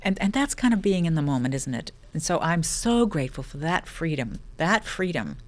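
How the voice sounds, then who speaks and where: A woman's voice: low voice, sing-song, moderate pace. A middle-aged woman hosting a lifestyle talk, speaking casually with many restarts and playful asides. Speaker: host of a lifestyle show. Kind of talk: casual spoken talk on self-help.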